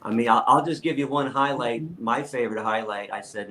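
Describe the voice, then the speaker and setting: A man's voice: mid-range voice, fairly quick, poor audio. Outspoken man telling stories with restarts. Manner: animated storyteller with frequent stammered restarts; blunt and outspoken. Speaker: interview guest, activist. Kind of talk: podcast interview storytelling.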